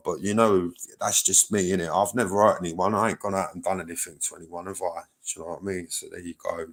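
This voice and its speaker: A man, chatting loosely on his own livestream, rambling, swearing and answering his chat. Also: low-pitched.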